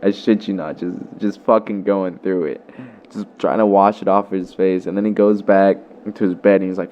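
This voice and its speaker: A man's voice: deep voice, fairly even intonation, moderate pace, darkish tone, lo-fi sound. A young man vlogger telling a story in a loose, profane way, full of fillers. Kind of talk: casual storytelling.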